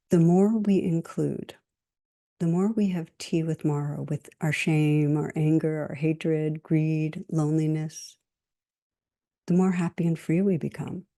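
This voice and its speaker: A middle-aged woman with a deep voice gives a dharma talk as a meditation teacher. Her delivery is gentle and measured, and she tells stories and slowly lists things.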